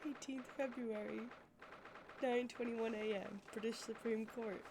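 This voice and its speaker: A woman's voice: a little high, fairly even intonation, measured pace, background noise. A woman streamer giving casual, playful and blunt commentary while playing a game.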